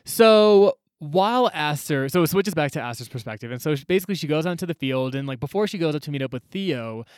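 Animated man recapping a book, filler-heavy. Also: a little high, quick pace, clear, resonant tone, no room sound.

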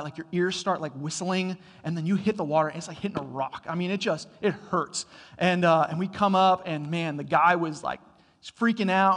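A man preaching a sermon, telling a story that swells to loud bursts and falls back to quiet, slow emphasis. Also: fairly high pitch. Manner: storytelling, builds to loud excited bursts then drops quiet. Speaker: pastor. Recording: long hall reverb.

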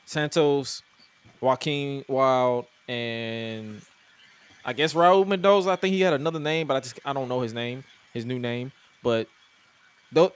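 A man co-hosting a podcast, chatting casually and jokingly about wrestling with loose restarts. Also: mid-range voice. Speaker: podcast co-host.

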